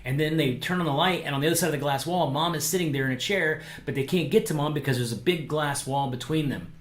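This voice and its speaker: A pastor with a slightly high voice talks at a quick pace in a reverberant space, leading a casual small-group Bible lesson that's streamed via microphone to online viewers. He speaks conversationally, with fillers, and animatedly acts out quotes.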